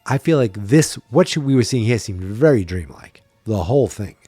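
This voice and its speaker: A man's voice: fairly low pitch, lively intonation, normal speed, mellow, slightly rough, dry recording, faint music behind. A tired man hosting a podcast, chatting wryly and thinking aloud in a casual solo recap. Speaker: podcast host.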